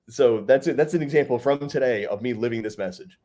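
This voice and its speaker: Blunt New dad giving advice. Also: male voice, medium pitch, fairly quick, hardly any pauses, mellow. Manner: blunt, direct, rhetorical questions. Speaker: co-host, fatherhood coach. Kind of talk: live Q&A advice talk.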